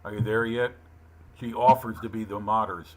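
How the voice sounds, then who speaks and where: A man co-hosting a live stream, talking casually, halting and self-deprecating. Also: lowish voice, steady tone. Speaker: stream co-host. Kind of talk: casual chat.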